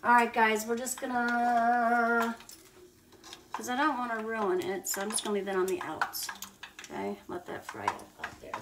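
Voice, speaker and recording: A woman's voice: mid-range voice, brisk, distant mic. A woman hosting a casual cooking livestream from her home kitchen, chatting straight to her viewers as she cooks. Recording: noisy home recording with clicks.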